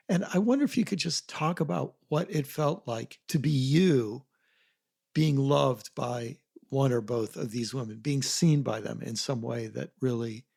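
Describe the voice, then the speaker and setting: A man hosting a podcast, asking a guest a gentle, thoughtful question. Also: medium pitch, creaky. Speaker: podcast host. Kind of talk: interview questions.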